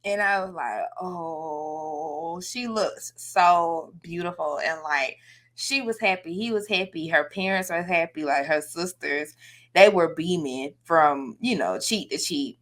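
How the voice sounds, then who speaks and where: Lively bright-voiced woman telling a story. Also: deep voice, a little slow. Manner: animated storyteller, laughs and gets teary. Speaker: podcast co-host. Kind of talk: casual chat.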